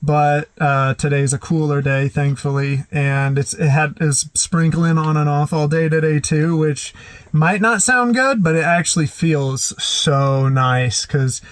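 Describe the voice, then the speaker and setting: A tired man filming a casual vlog about his work day, talking in a relaxed, rambling way full of fillers and restarts. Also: on the high side, a little slow, no echo. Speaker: work camper vlogger.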